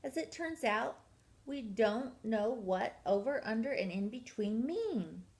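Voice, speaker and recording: A woman's voice: a little high, expressive, takes it slowly, darkish tone. An older woman voicing a group of clumsy, overly formal penguins in a storybook reading. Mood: polite formal. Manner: formal, overly polite phrasing.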